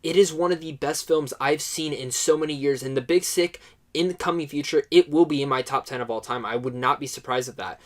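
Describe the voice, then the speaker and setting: A man's voice: fairly high pitch, a little fast. A man talking casually about films as a guest reviewer, effusive and repeating himself for emphasis. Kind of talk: casual film talk.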